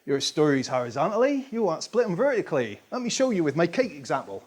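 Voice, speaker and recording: A man's voice: a little high, sing-song, fast talker, darkish tone, slightly rough, voice pushed up. A man putting on a folksy West Country accent to voice a man giving advice. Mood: advising. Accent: West Country English.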